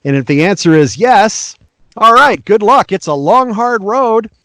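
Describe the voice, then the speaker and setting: A man's voice: sits high, animated, a little slow, a bit bright, a little hiss or hum. A middle-aged male voice actor, a guest in an interview, giving earnest, frank and encouraging career advice.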